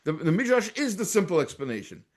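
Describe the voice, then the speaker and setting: American rabbi teaching a Torah class. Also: male voice, high-pitched, very animated, quick pace, darkish tone. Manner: explains Hebrew texts by reading them aloud and translating, with many restarts.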